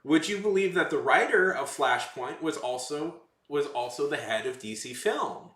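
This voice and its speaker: A man livestreams and chats casually with his live chat, rambling, correcting himself, and tossing in sarcastic asides. His voice sits on the high side, a bit bright, with lively intonation at a moderate pace. The room gives the recording a noticeable echo.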